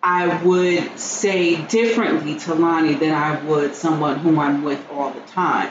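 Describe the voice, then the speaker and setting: A woman's voice: low voice, steady tone, a little slow. A woman co-hosting a podcast, blunt and outspoken with a casual, profane way of talking. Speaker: podcast co-host. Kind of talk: casual chat. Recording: roomy, dull, noisy room sound.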